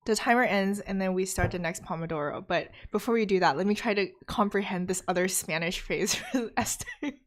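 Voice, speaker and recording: A woman's voice: medium pitch, fairly quick, few pauses. Chatty young woman reading stream chat. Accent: North American. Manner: chatty, laughs often, reads viewer comments aloud. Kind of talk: casual live-stream chat.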